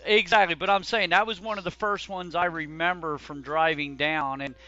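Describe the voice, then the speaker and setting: A man's voice: fairly high pitch, fairly even intonation, moderate pace, pushed and bright, faint music behind. A man hosting a casual podcast chat, rambling and stammering through restarts. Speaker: podcast host. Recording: slightly dull lo-fi audio.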